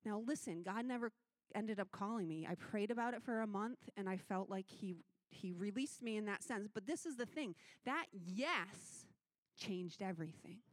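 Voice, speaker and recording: A woman youth minister giving a missions testimony sermon, telling her story in an animated way and acting out the voices she quotes. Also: mid-range voice, moderate pace, no echo.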